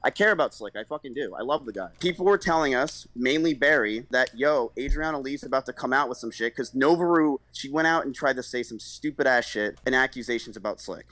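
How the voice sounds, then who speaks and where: A man's voice: mid-range voice, fairly quick, few pauses, fairly bright tone, no echo. A man on a recorded call, telling a story in an agitated, defensive way and swearing often. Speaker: streamer on a call. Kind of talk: emotional recounting in a recorded call.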